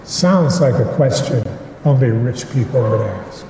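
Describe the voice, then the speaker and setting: Slow, measured pastor in an echoey church. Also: male voice, mid-range voice, animated, mellow, slight background noise. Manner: slow, measured preaching with deliberate pauses. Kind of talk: sermon. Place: church sanctuary. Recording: echoey church hall with long reverb.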